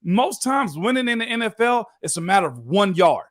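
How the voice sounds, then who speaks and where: A man's voice: high voice, big pitch swings, fairly quick, no room sound. A man co-hosting a sports talk show in a studio, an ex-player speaking emphatically in casual chat. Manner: emphatic, calls people man. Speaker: co-host, former football player.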